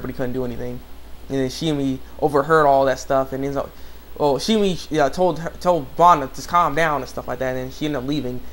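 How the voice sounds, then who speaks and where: A young man casually recapping an anime episode, rambling with many restarts and fillers. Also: fairly high pitch. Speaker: anime reviewer.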